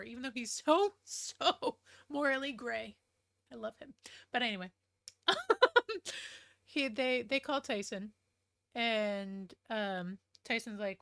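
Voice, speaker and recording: Bright-voiced woman rambling about a book. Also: on the high side, takes it slowly. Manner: rambling and excitable, with frequent fillers and swearing. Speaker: book reviewer. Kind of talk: casual book recap.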